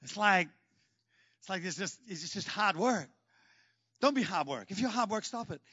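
A man preaching a sermon in an animated, joking way, breaking into shouts. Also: sits high, normal speed, breathy edge, no room sound, lo-fi sound. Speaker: pastor.

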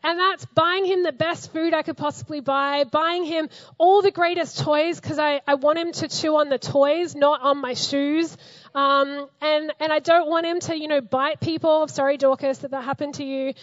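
High-voiced woman preaching a sermon. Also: normal speed, no room sound, muffled recording. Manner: animated, conversational, laughs often. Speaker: pastor.

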